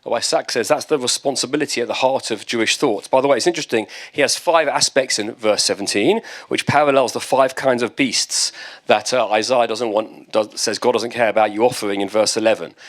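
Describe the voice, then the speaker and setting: A British man, a rabbi, teaching a text-study class in a conversational, lively way with asides and jokes. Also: mid-range voice. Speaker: rabbi and lecturer.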